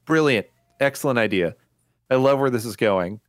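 A man's voice: mid-range voice, normal speed, no room sound, clean studio sound. A man hosting a podcast in casual chat, retelling scenes with frequent laughter. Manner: laughs often, animated retelling. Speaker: podcast host.

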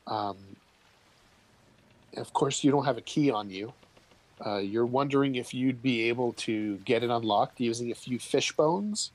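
A man running a tabletop game as game master, describing scenes and calling for rolls with a relaxed, laughing manner. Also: mid-range voice, measured pace, low-quality recording.

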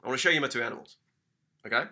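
A man co-hosting a casual podcast, telling a story in an animated, sweary, mock-furious rant. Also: medium pitch, rapid-fire. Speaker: podcast co-host.

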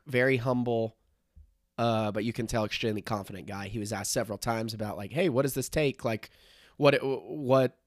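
A man's voice: mid-range voice, no echo, studio quality. A man hosting a sports podcast in a casual, rambling, enthusiastic way, his voice nasal and congested. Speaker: podcast host.

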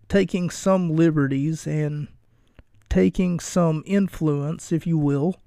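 A man's voice: on the high side, gravelly, dark tone, no room sound, studio quality. A man hosting his own podcast, recapping and bantering in a wry, rambling, profane, self-mocking way. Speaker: podcast host.

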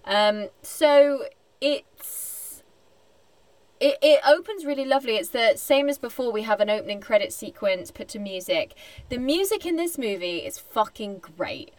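A woman co-hosting a podcast, chatting casually in an animated, wry way and laughing often. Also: on the high side, measured pace, dry recording. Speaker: podcast co-host. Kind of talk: casual chat.

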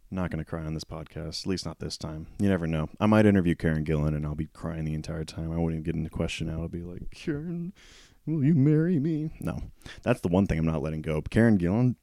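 A man hosting a solo podcast, talking candidly in a casual, self-deprecating way, often clearing his throat as he loses his voice. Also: rumbling low, level tone, fast talker, mellow, no room sound, clean studio sound. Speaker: podcast host.

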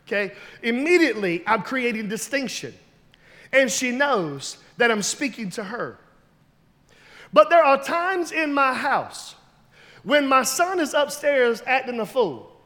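A pastor with a strikingly high male voice delivers a sermon. He tells stories from the pulpit and rises to loud, emphatic shouts. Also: long reverb tail. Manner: storytelling preacher, builds to loud emphatic shouts.

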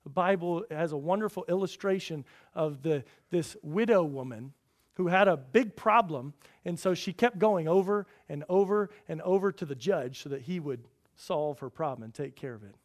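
A man's voice: a little high, lively intonation, normal speed. A male pastor delivering a sermon, preaching emphatically and repeating key phrases for weight.

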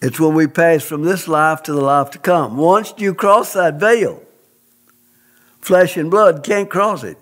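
A man's voice: a little high, unhurried, a bit bright. A man telling a personal testimony in an interview, speaking in an earnest, emphatic, preacherly way.

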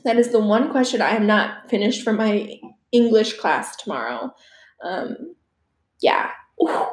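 A teenage girl rambles through a casual solo chat, slow and unhurried, with a lively, swooping delivery. She swears freely and drops laughing asides. Her voice bounces around a roomy, echoey space. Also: medium pitch. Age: teens. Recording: echoey room.

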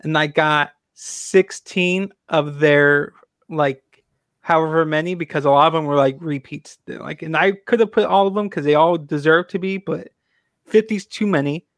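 A man's voice: a little high, normal speed, a bit bright, no echo, studio quality. A man hosting a casual podcast chat, rambling with many restarts and fillers. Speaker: podcast host.

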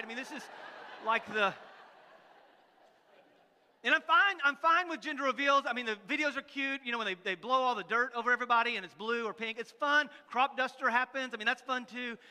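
A middle-aged male pastor preaching a sermon, animated, acting out voices and swinging from loud bursts to hushed, soft lines. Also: extremely high pitch, brisk, long reverb tail. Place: church sanctuary.

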